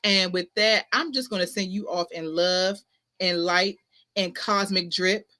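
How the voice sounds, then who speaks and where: A woman's voice: on the low side, steady tone, measured pace, pushed and bright. A woman hosting a spiritual talk stream, preaching self-worth emphatically with slang and repetition, speaking indoors at her home streaming setup. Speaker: host of a spiritual talk show. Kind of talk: casual motivational livestream talk. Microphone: ring light setup, webcam-style stream.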